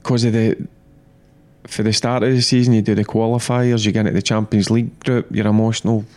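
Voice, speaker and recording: A middle-aged man, a former player, talking football in a blunt, animated, repetitive way. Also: fairly low pitch, a little fast. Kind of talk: casual football chat.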